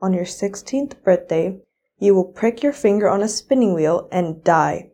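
A spiteful wicked fairy woman roars her threats, voiced by a teenage girl. The storybook curse comes out loud and cold in a mellow, middle-pitched voice. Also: expressive, measured pace. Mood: menacing. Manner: loud, roaring.

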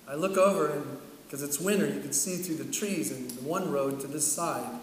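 A middle-aged man preaching a sermon, telling a story in an animated way and acting out the dialogue. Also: on the high side, moderate pace, few pauses, a little hiss or hum. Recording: echoey hall from far off, faint ambience.

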